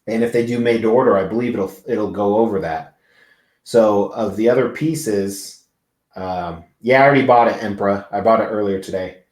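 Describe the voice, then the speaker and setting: A man's voice: lowish voice, moderate pace, darkish tone, echoey room. A man hosting a live stream, chatting casually and rambling, swearing freely as he talks to viewers. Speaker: livestream host. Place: large indoor convention venue.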